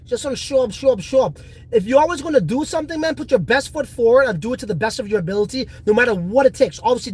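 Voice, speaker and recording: A man's voice: very high voice, darkish tone, slightly rough. A man hosting a casual crypto livestream, reading viewer comments in a boastful, profane, rambling way.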